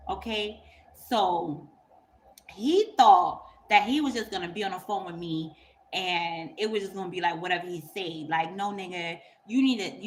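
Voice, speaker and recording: A woman spins a story for her channel in blunt, cussing, emphatic talk. She stays animated and laughs along as she goes, at a mid pitch, with a faint hum of noise behind her. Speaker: YouTuber. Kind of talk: casual storytelling monologue.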